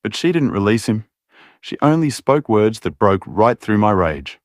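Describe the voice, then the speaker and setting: Guy reading a dark romance audiobook, low voice, dead dry close mic, pushes his pitch up for the dialogue. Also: animated, normal speed, no echo. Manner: acts out dialogue with raised, strained pitch. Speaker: audiobook narrator. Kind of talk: dramatic audiobook narration.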